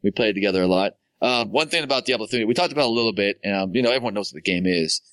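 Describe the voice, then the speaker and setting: A man's voice: lowish voice, racing, fairly bright tone, no echo. A man co-hosting a casual gaming podcast, playful and rambling. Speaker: podcast co-host. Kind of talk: casual chat.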